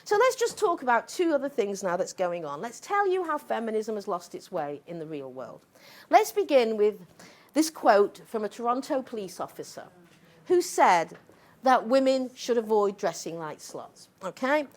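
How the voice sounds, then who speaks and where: A woman's voice: on the high side, sing-song, normal speed. An older woman giving a lecture to a live audience, emphatic and sarcastic, often tagging her points with a questioning "okay?".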